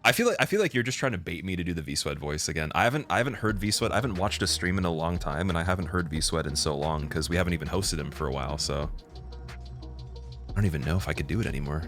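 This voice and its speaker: A low-voiced man giving casual live-stream commentary while he plays. He chats with his viewers, laughs often and gets loud and excited. Faint music plays behind him. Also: quick pace. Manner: chatty and giggly, talks to chat, gets loud and excited. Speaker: game streamer.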